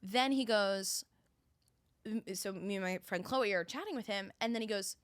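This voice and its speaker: A woman's voice: mid-range voice, moderate pace, no echo, clean studio sound. A young woman from Philadelphia in her twenties, co-hosting a podcast and telling a story in casual chat, acting out both sides of a conversation. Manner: animated storytelling with quoted voices. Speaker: podcast co-host.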